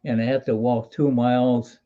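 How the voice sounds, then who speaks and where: A man's voice: mid-range voice, little pitch movement, normal speed, phone-quality sound. A man in his eighties from Hawaii, a military veteran telling wry, folksy stories in an interview with frequent restarts. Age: 80s. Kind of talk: storytelling in an interview.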